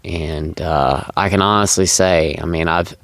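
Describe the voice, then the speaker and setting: Low-voiced man telling his story earnestly. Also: steady tone, a little slow, fairly bright tone, no echo. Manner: earnest, candid, repeats words for emphasis. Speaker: vlogger. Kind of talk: confessional personal storytelling.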